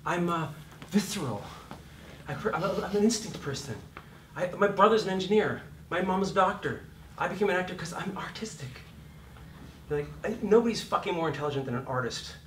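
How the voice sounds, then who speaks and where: A middle-aged man teaching acting in a lecture, swearing freely and acting out scenes with sudden shouts. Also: high-pitched, animated, a little fast, distant mic, slight background noise. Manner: profane, acts out voices and shouts mid-talk. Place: lecture room. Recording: echoey room, heard from off mic.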